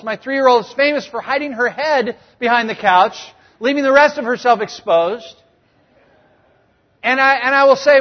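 A man in his thirties preaching a sermon, telling stories and acting out voices with humor. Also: very high voice. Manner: animated storytelling, acting out quoted voices with humor. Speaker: pastor. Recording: dull, echoey hall sound.

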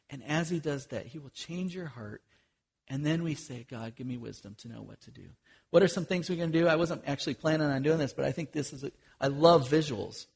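A man's voice: fairly high pitch, husky. A man, a missionary, preaching a sermon in an earnest, conversational way, with frequent fillers and restarts.

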